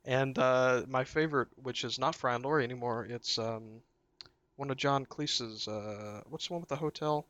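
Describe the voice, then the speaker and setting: Bright-voiced man telling a story. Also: mid-range voice, moderate pace, dry recording, muffled recording. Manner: laughing storyteller, swears casually. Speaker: podcast co-host. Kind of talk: casual chat.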